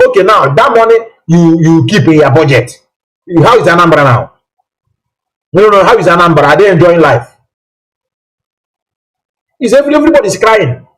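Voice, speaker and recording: A man hosts a live call-in show, his voice pitched a little high. He drives his points home by repeating himself and firing rhetorical questions at his listeners. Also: poor audio. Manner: emphatic, repetitive, full of rhetorical questions. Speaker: host of a live call-in broadcast. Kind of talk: political call-in talk.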